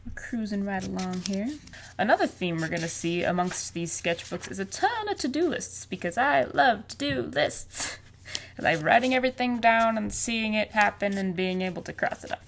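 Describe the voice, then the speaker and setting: A woman in her twenties chatting casually in a vlog, playful and full of quick asides. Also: medium pitch, lively intonation, a little hiss or hum. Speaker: vlogger and artist. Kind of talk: casual chat.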